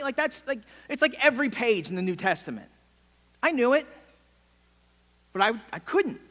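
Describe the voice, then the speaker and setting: A middle-aged male pastor preaches with a high, bright, ringing voice. His delivery is impassioned and emphatic, swelling and dropping suddenly. The sound carries a long reverb from a church hall. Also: sing-song, normal speed, long pauses. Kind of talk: sermon. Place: church sanctuary.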